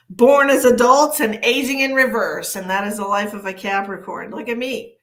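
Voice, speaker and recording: A chatty, sassy woman in her forties reads tarot cards live and answers viewer comments as she goes. Her voice sits at a middle pitch. The room around her rings with echo. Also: normal speed. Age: 40s. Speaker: psychic tarot reader. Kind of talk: live-stream chat reading cards.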